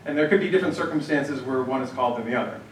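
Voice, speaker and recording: A man races through a conversational workshop talk on church planning before a live group, his voice medium in pitch. He shares anecdotes, leads an exercise, and frequently uses fillers and restarts. The audio, from a distant mic in an echoey hall, carries faint ambience and a little hiss or hum.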